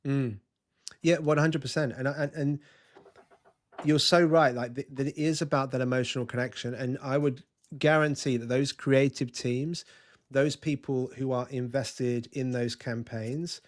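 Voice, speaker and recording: A man talking as a guest on a podcast. He tells his stories eagerly in a mid-pitched voice, stumbling and restarting now and then as the ideas come to him. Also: fairly even intonation, unhurried. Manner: enthusiastic storytelling with frequent restarts. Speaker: guest culture consultant. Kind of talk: podcast interview.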